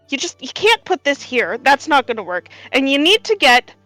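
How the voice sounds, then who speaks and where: A woman voicing a very old male rock gnome tinkerer, impatient and curt, scolding in quick bursts. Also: high voice, very animated, sharp tone, no room sound, soft background music, exaggerated voice, rough recording. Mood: scornful.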